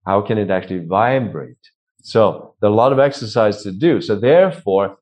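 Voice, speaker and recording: A Swedish vocal coach with a Swedish accent explains voice technique in an interview, demonstrating sounds aloud. His voice is on the low side and darkish, animated, and he speaks at a normal speed.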